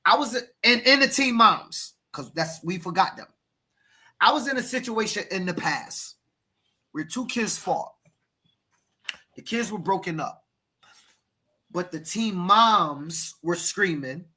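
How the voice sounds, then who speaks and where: Bright-voiced fired-up American football coach. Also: male voice, high voice, animated, slow, long pauses. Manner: emphatic, preachy, repeats words and addresses co-host by name. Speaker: youth football coach and podcast host. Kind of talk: passionate podcast talk.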